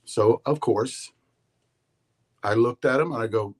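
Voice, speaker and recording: A man's voice: medium pitch, measured pace. Rambling man telling a story. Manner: animated, storytelling, frequent restarts and laughs. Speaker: podcast host. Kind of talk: casual rambling monologue.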